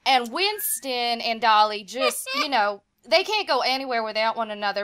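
A woman with a bright, crisp voice, talking through her character in a remote tabletop session. She sounds lively and animated and laughs easily. The sound is close and dry. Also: fairly high pitch, moderate pace, few pauses, no room sound. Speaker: player. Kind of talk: casual tabletop game chat. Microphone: remote call mic.

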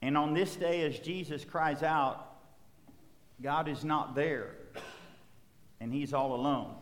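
A man's voice: a little high, slow. A man preaching a sermon as pastor, building emphasis through repetition. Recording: long hall reverb.

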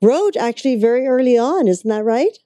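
Woman host, mellow and supportive, dry sound. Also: a little high, animated, fairly quick, dry recording. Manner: supportive, many short affirmations. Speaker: interview host. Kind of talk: casual interview.

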